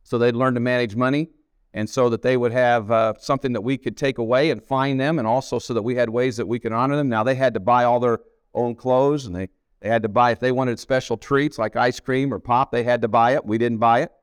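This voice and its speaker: A middle-aged pastor preaches at a camp meeting hall in a steady, mid-range voice, a little fast, his clean tone free of echo. He tells family stories in a folksy manner, repeating himself for emphasis.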